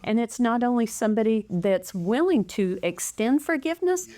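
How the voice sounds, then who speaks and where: A woman's voice: fairly high pitch, sing-song, normal speed, mellow. A middle-aged woman co-hosting a casual conversational podcast, earnest and emphatic, often checking in with "right?". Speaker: co-host.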